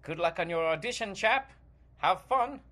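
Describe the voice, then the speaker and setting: Brief: pompous famous actor with a British accent, put on by a man, patronizing, animated delivery. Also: high-pitched, normal speed, pitched above the performer's own voice. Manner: grand and patronizing, calls others 'dear fellow' and 'chap'. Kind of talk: comedy sketch.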